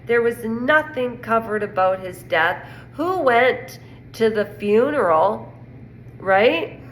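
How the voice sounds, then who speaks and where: Rambling fired-up woman, kinda high voice, slow talker, echoey room w faint hiss. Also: animated. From Canada. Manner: rambling, indignant, digressive. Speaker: pop culture commentator. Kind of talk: casual opinion monologue.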